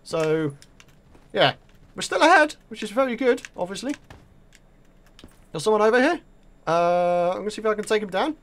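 Excitable British man calling his gameplay. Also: sits high, normal speed, long pauses. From Britain. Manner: excitable, talks to opponents and viewers. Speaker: gaming video creator. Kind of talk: live gameplay commentary.

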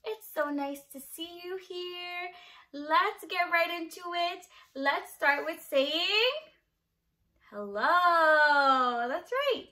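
A young woman leading a children's circle-time lesson, talking in a sing-song, encouraging way pitched to small children. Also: slow, pushed and bright. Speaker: early-years program leader.

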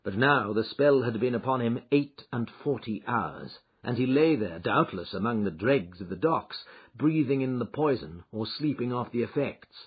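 A man giving an expressive, dramatic reading of a classic detective story, in a dull lo-fi recording. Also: medium pitch, moderate pace, slightly rough. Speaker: audiobook narrator. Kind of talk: scripted narration of a classic story.

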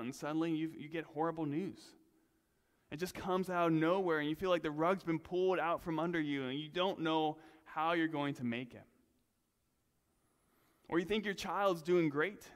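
A male pastor preaching a sermon in a relaxed, conversational way, with self-deprecating asides. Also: fairly high pitch, normal speed, in a large hall. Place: church sanctuary.

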